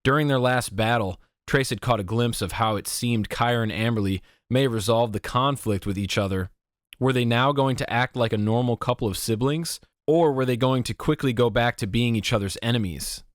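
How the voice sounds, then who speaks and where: A man narrating a teen fantasy audiobook in an even, measured way. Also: mid-range voice, no echo, clean studio sound. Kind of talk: scripted narration.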